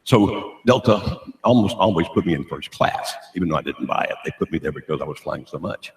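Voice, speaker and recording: A man's voice: sits low, lively intonation, brisk, vocal fry. An older man giving a humorous sermon at a church, joking and asking the audience questions. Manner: jokey, asks the audience questions. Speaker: guest speaker at a church. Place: church auditorium. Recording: roomy church hall.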